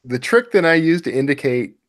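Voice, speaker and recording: A man, an author guest, explaining his writing methods in a relaxed casual chat with lots of fillers. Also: medium pitch, brisk, no room sound, studio quality.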